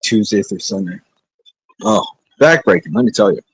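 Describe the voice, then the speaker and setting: A man's voice: on the low side, animated, moderate pace, husky, no echo, poor audio. A middle-aged man streaming, chatting in a laid-back, rambling way with sighs and joking asides. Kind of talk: rambling casual livestream chat.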